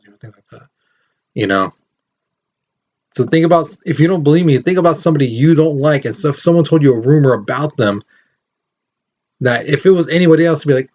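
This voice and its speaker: A man's voice: a little high, lively intonation, fairly quick, a little mellow, lo-fi sound. A man teaching a recorded history lesson in a casual, rambling way, with lots of fillers.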